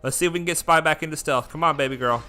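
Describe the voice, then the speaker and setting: Guy streaming a phone game live, talks right to chat, real bright voice, gets excited over every hit. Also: a little high, very fast, soft background music. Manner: excitable, chatty, addresses viewers directly. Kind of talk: live gameplay commentary.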